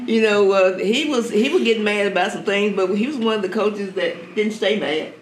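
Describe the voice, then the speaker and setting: A man tells stories in a chatty way, laughing and acting out the quotes. His voice sits fairly high. The sound is echoey, with faint noise behind. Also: moderate pace. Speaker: former athletic director. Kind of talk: storytelling at a reception. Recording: echoey hall.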